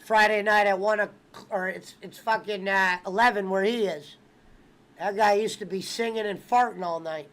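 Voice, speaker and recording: A man with a strikingly high-pitched voice hosts a loose, casual watch-along chat. He is excitable and foul-mouthed, and keeps jumping into movie lines mid-story. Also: normal speed.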